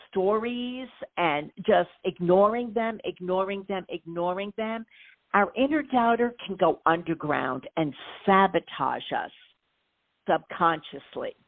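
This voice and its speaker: A middle-aged woman, a life coach, explaining her methods in a lively way with playful examples during an interview. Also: medium pitch, no echo. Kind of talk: interview conversation. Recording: tinny phone-like line, dry.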